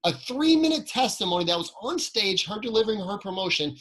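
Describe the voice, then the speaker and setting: A man's voice: high-pitched, big pitch swings, brisk, fairly bright tone, slight background noise, poor audio. A man giving a motivational training talk, telling personal stories, asking the audience questions and repeating key phrases.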